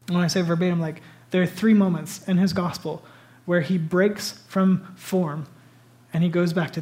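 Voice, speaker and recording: A man preaching a sermon as a pastor, retelling stories dramatically, swinging between loud bursts and hushed whispers. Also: sits high, steady tone, normal speed.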